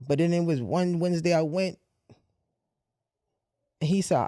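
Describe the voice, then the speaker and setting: A man telling a painful personal story in a candid monologue, using blunt street slang and swearing, with halting restarts when the memories get heavy. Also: a little high, dark tone, dry recording, clean studio sound. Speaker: podcast host.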